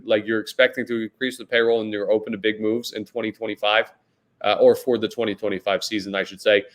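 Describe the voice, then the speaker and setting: A man's voice: fairly low pitch, level tone, fast. A man hosting a solo sports podcast, talking casually and rambling, often saying "guys" and "like". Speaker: podcast host.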